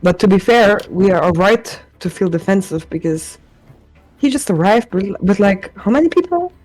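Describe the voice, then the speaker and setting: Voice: medium pitch, animated, normal speed, a little mellow, faint music behind, poor audio. A player in a tabletop game, talking casually with filler words and laughs.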